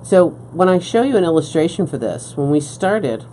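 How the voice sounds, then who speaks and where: A woman's voice: lowish voice, big pitch swings, moderate pace, mellow, a little hiss or hum. A woman beading instructor on a live craft stream, explaining each step patiently and often checking in with "okay?". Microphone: live-stream setup at a work table.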